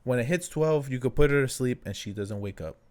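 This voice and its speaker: A young man co-hosting a podcast in casual chat, telling stories and acting out quotes with sudden high jumps in his voice. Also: brisk. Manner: animated storyteller, acts out quotes with big pitch jumps. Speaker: podcast co-host.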